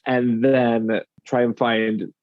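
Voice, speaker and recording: A British dialect coach from the United Kingdom talks about his work in conversation, acting out the phrases he quotes. His medium-pitched voice is flat and slow, with no echo, on a slightly dull lo-fi recording.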